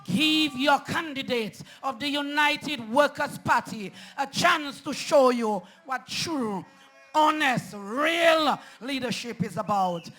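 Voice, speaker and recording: A man gives a rousing campaign speech at an outdoor rally, his voice strikingly high and bright. He takes his time, leaning into each line and shouting slogans to the crowd. Faint music sits behind him. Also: takes it slowly. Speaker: political rally speaker.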